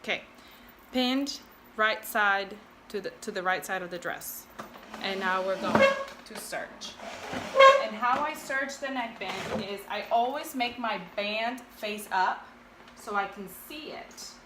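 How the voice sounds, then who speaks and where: A woman's voice: medium pitch, slow pace, noisy background. A woman hosting a casual sewing tutorial, chatting and thinking aloud with self-deprecating asides. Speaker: sewing video host.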